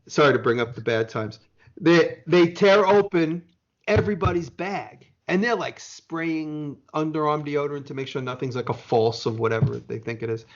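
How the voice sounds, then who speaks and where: A man's voice: fairly high pitch, moderate pace. An American man telling a long rambling story in casual podcast chat, swearing now and then, with dull lo-fi sound. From United States. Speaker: podcast guest.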